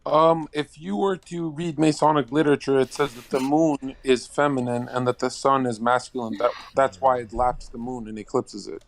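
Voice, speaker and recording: A man's voice: medium pitch, steady tone, normal speed, gravelly, hardly any pauses. A man calling in to a casual chat, provocative and crude, laughing at his own bits. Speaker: caller.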